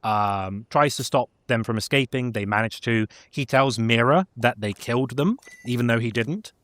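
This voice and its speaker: A man's voice: medium pitch, moderate pace, fairly bright tone. Chatty man recapping game lore. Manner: chatty, many fillers and laughs. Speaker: gaming lore presenter. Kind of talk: casual lore recap chat.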